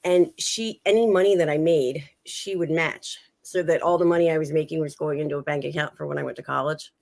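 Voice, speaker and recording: A woman chatting casually on a stream, with lots of "like" fillers and a gravelly voice. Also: low-pitched, a little fast, a little mellow. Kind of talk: casual chat.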